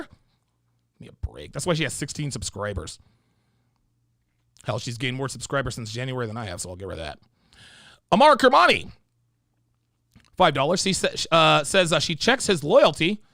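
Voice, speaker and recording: A male livestream host giving profane, animated commentary on videos, reading out viewer donations and telling stories. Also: high-pitched, vocal fry, no room sound, clean studio sound.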